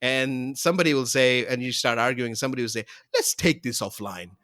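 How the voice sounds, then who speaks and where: A man's voice: mid-range voice, brisk, fairly bright tone, no echo, studio quality. A man co-hosting a casual podcast from home over a call, joking, laughing and swearing as he chats. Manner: swearing, laughing, jokey banter. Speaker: podcast co-host. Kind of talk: casual chat.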